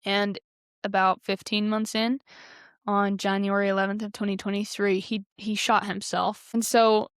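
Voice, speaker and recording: A woman's voice: mid-range voice, little pitch movement, normal speed, clear, resonant tone, no echo, clean studio sound. A woman in her twenties, a podcast guest, earnestly recounting a personal story with lots of "like" fillers. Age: 20s. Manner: earnest, heavy use of "like".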